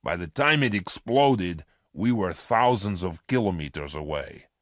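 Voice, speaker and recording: A ruthless space criminal boss, hard and scheming, as a man reads him in a storybook. Low-set and slow, with the pitch rising and falling widely. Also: lively intonation, no room sound, studio quality. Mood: explaining. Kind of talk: storybook reading.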